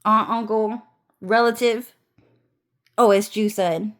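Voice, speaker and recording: A woman's voice: mid-range voice, steady tone, takes it slowly. Rambling, profane woman telling a story. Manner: rambling, profane, laughs often, restarts a lot. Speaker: vlogger. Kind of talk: casual storytime vlog.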